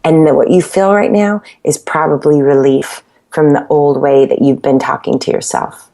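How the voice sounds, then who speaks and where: A woman's voice: low-pitched, fairly even intonation, moderate pace, vocal fry, warm tone. A woman, guest on an interview podcast, telling her story with passion and acting out the things she used to tell herself. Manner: passionate, acts out her own past self-talk and quotes. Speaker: fitness class creator, podcast guest.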